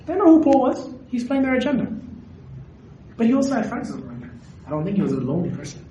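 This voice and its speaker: A man preaching a sermon, animated and questioning his audience directly. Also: very high voice, quick pace, dull audio, a little hiss or hum. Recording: echoey hall recorded from a distance.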